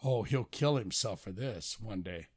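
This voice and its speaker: A man's voice: fairly low pitch, lively intonation, a little slow, darkish tone, husky, no echo, studio quality. A man co-hosting a podcast in casual chat, joking crudely and rambling as he runs a movie trivia quiz.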